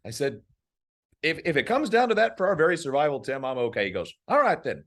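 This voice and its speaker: A man with a high, sing-song voice that leaps up and down, trading road stories. He laughs as he tells them and throws himself into each quoted voice. It is a loose, chatty conversation. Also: moderate pace. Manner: laughing, animated anecdotes. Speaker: guest comedian. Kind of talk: casual chat.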